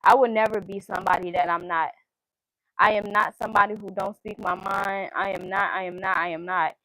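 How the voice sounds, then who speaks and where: A woman's voice: mid-range voice, fairly even intonation, a little fast, pushed and bright, rough recording. A woman giving a casual tarot reading, listing card meanings in a chanting cadence and speaking her mind bluntly, with frequent swearing. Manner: blunt and outspoken, swears freely. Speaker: tarot reader.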